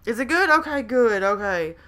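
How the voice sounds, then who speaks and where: Hyper, chatty mom streaming. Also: female voice, on the high side, expressive, moderate pace, sharp tone. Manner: hyper and chatty, reading out chat messages. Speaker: live stream host. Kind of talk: casual live stream chat. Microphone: desk microphone at a laptop.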